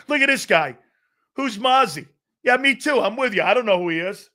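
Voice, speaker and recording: Brash, high-voiced male sports show host. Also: animated, normal speed, bright, forceful tone. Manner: brash, profane, mocking. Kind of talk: casual sports talk rant.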